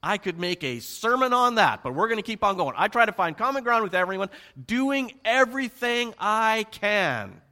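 Bright-voiced animated male preacher. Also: high-pitched, normal speed, few pauses. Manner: animated, emphatic, joking asides; rhetorical questions to the congregation. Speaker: pastor. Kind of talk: sermon.

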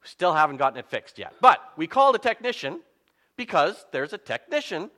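A man preaching a sermon as a pastor, telling the story in an animated way with self-mocking humor. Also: on the high side, fairly quick, long reverb tail.

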